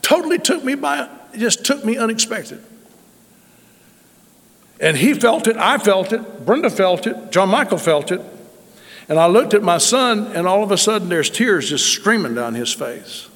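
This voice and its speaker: Preacher, high voice, echoing hall. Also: male voice, big pitch swings, normal speed, a bit bright. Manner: folksy, emphatic testimony. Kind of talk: sermon storytelling. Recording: long reverb in a large hall.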